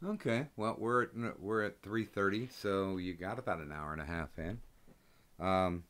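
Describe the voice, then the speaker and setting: A man hosting a casual stream chat, relaxed and rambling, with many hesitations. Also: low voice, moderate pace. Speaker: stream host.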